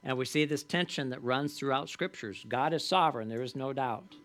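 A man teaching a Bible study class in a conversational way, often checking in with the group through quick tag questions and reading scripture aloud with added emphasis. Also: mid-range voice, fairly bright tone.

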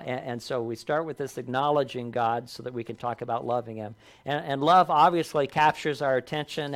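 A man preaching a sermon, earnest, lifting his voice for emphasis and dropping low on key lines. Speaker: pastor.

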